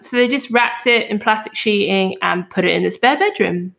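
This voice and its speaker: A woman hosting a true crime podcast, telling the story in a casual, animated way and swearing now and then. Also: mid-range voice, moderate pace, vocal fry.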